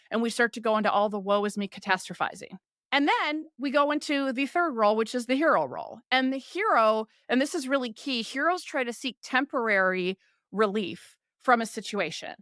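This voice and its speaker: A woman hosting a podcast, explaining ideas in a lively, conversational way and often acting out the complaints she describes. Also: on the high side, a little fast, no room sound, clean studio sound. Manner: animated, voices quoted complaints for illustration. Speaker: podcast host.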